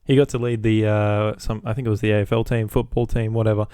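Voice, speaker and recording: A man's voice: fairly low pitch, little pitch movement, fast talker, dark tone, no echo, clean studio sound. A young Australian man hosting a solo podcast, rambling casually and swearing freely. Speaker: podcast host.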